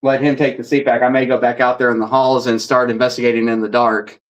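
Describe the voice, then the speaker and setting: A man being interviewed as a paranormal investigator, telling stories in a rambling, animated way and acting out the dialogue. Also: medium pitch, quick pace, poor audio. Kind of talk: casual storytelling.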